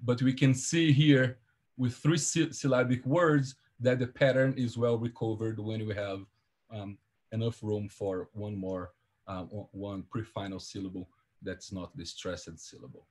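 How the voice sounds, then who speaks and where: A man giving an academic seminar presentation over a video call, walking through his slides step by step in a measured, explanatory way. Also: on the low side, fairly even intonation, darkish tone, breathy edge.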